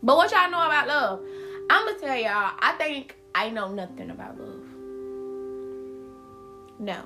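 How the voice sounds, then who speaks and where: A woman's voice: high-pitched, expressive, a little slow, music in the background. A woman from South Carolina with a Geechee accent, hosting a casual solo podcast, chatty and emphatic, repeating words and using slang. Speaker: podcast host.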